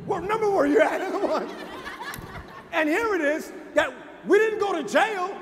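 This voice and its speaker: A man with a high-pitched voice delivers a sermon from a pulpit. His delivery is emphatic and informal, with shouted peaks. Long reverb from a large hall hangs on every line, with faint noise underneath. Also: lively intonation. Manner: emphatic, preaching with shouted peaks and slowed lines; informal, addresses crowd as y'all. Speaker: pastor.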